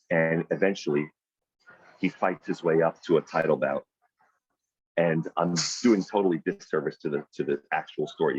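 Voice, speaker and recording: Low husky man giving a pep talk. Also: no room sound, lo-fi sound. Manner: storytelling, emphatic, rising to loud high peaks. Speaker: team leader running a weekly sales meeting. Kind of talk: motivational talk on a video call. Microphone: video call microphone.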